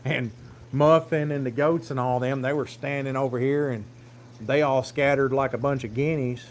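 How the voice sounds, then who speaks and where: A man's voice: mid-range voice, steady tone, moderate pace, a little hiss or hum. A man, telling a rambling, plain-spoken farm story on a phone livestream. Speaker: farm vlogger. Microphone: phone camera.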